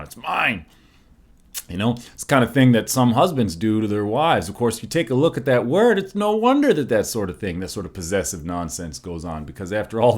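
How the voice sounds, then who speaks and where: A man talking casually in a rhetorical, folksy way, often tagging his points with questions and slowing down to stress single words. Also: fairly low pitch. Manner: rhetorical, folksy, keeps asking "right?". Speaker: preacher musing on word origins. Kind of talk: casual spoken monologue.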